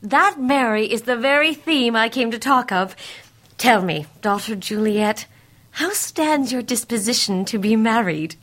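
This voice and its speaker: Woman as stately noble mother, slow and formal, rather high voice, Shakespeare reading. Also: lively intonation, fairly bright tone. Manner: measured and formal. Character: stately noble mother urging her daughter to marry.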